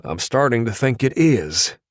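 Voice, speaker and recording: Reading audiobook dialogue in studio quality with no echo, a man plays a hard-edged male tactical police officer who speaks in short, commanding bursts. The mood is urgent, though his mid-range voice has a sing-song quality and a measured pace.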